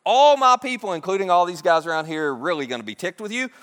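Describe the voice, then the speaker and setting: A man's voice: high-pitched, expressive, fast talker, a bit bright. A man voicing a powerful ancient king who makes proclamations, slipping between formal and casual speech. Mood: commanding. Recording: echoey hall.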